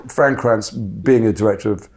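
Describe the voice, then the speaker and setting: A man telling candid stories about his acting work in a fast, animated, self-interrupting way. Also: fairly low pitch, gravelly, a little hiss or hum. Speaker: actor guest. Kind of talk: candid conversational storytelling.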